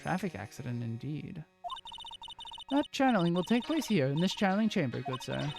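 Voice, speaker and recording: A woman's voice: low-pitched, big pitch swings, creaky, exaggerated voice. A woman voicing a stern, formal older woman of a spirit-medium clan, reading game dialogue aloud. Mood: haughty. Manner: stiff, haughty, slow and formal. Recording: game music behind.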